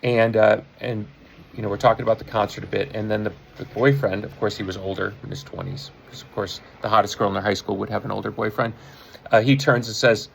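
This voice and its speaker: In a fast, gravelly, lowish voice with a steady tone, a rock musician in his 50s from around Chicago, USA, tells a casual anecdote to camera. He rambles, self-corrects, and chuckles; the low-quality recording has slight background noise.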